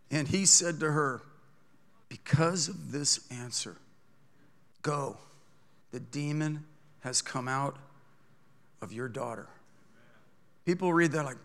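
A middle-aged man preaches a sermon in a high-pitched, bright, forward voice. He moves from quiet, hushed asides to loud, ringing declarations. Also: slow pace, pauses often. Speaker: pastor.

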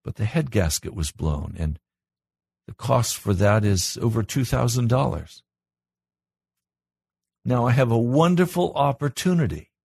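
Husky-voiced man preaching a sermon. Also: big pitch swings, measured pace, pauses often, darkish tone, dry recording. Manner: earnest, rises in pitch and volume when stressing a point. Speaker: pastor.

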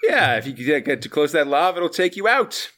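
Man, podcast co-host, casual chat, laid-back drawl, animated higher voice. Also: brisk.

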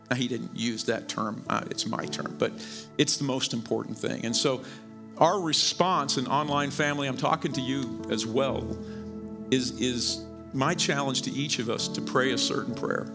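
A middle-aged male pastor from Missouri preaching a sermon in a conversational way, repeating words and jumping up in pitch to stress his points. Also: normal speed, creaky, music in the background. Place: church sanctuary.

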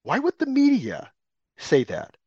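Man, talk radio co-host, slightly high voice, rambling opinionated rant, dry studio. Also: measured pace, husky, dry recording, lo-fi sound. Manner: rambling, restarts, animated rants.

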